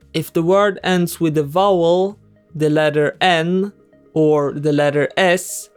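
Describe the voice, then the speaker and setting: A man giving a scripted grammar lesson, spelling out example words slowly and precisely. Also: on the high side, clean tone. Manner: slow, deliberate, precise enunciation of example words. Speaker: language teacher. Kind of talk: scripted explanatory narration. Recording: clean voice-over over faint music. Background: soft background music.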